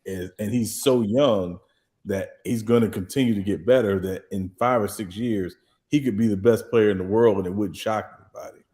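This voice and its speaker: A man with a fairly low voice lays out his case on a sports talk panel. He talks in a measured, explanatory way, building each point step by step. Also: dark tone. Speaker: podcast panelist.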